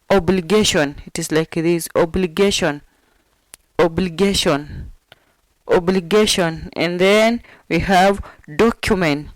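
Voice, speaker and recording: A woman's voice: fairly low pitch, no room sound, rough recording. A woman teaching sign language vocabulary, repeating each word several times as she explains how to make the sign. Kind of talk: slow instructional explanation.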